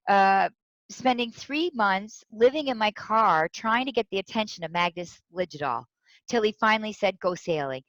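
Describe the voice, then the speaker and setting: Animated woman telling a story. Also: medium pitch, no room sound. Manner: animated, tells stories with quoted voices. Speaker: guest speaker. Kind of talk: storytelling interview. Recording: dull lo-fi sound.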